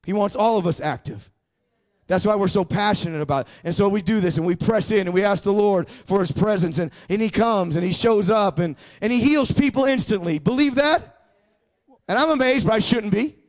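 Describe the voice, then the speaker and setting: Pastor, male, high voice, emphatic sermon delivery with call-and-response prompts to the congregation. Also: brisk.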